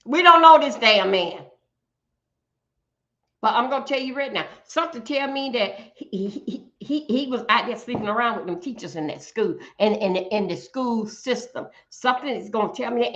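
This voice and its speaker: A woman with a fairly high voice hosts a livestream, ranting bluntly with plenty of swearing. She trips over repeated words as she pushes her points. The sound is dull and lo-fi, like typical livestream audio. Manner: emphatic, blunt and profane, with stumbling repeats. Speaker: livestream host. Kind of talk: ranting commentary.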